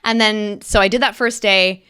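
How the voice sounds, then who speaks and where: A middle-aged woman, an actress, chatting as an interview guest and telling animated stories with lively quoted bursts. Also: medium pitch, moderate pace, clean tone, no echo, studio quality. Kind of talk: casual interview chat.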